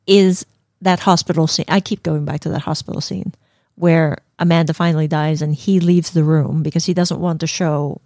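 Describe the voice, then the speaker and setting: A woman's voice: low voice, steady tone, normal speed, a little mellow, no room sound, studio quality. A woman co-hosting a casual film review podcast, emotional and giggly, with many fillers. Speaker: podcast co-host.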